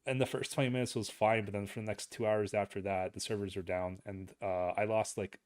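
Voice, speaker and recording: A man co-hosting a casual gaming podcast, talking in a halting, sarcastic way. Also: fairly low pitch, steady tone. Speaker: podcast co-host. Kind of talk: casual chat.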